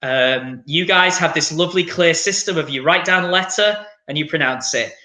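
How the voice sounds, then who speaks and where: An upbeat man leads an online English lesson over a video call, his fairly high voice bright and forward. He keeps things encouraging and stretches out words slowly to model them. The sound carries a noticeable echo from the room around him. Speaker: English teacher.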